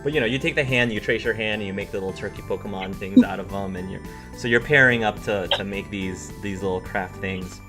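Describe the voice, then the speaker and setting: A man's voice: lowish voice, brisk. A man narrating as game master of a tabletop game, rambling and restarting his sentences, with faint music behind. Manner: rambling, full of fillers and restarts.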